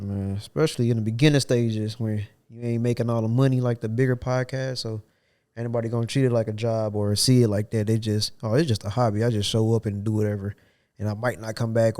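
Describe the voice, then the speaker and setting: A man's voice: lowish voice, dark tone. A young man hosting a podcast in casual chat, sounding stuffy and nasal from a cold, with loose, slangy talk. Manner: laid-back, loose slangy talk with frequent "you know what I'm saying". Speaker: podcast host.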